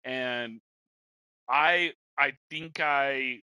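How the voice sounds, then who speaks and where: A man's voice: medium pitch, very slow, bright, forceful tone, clear, resonant tone, no echo, rough recording. A young man hosting a podcast, chatting in a laid-back, rambling way and calling his cohost bro and man. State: has the hiccups. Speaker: podcast host and Madden gamer. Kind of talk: casual podcast chat.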